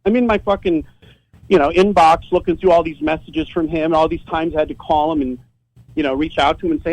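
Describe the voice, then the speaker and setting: A man's voice: fairly high pitch, steady tone, brisk, darkish tone, highs cut off. A man telling a story as a guest on a podcast, casual and profane, often stumbling and repeating words as he starts a sentence.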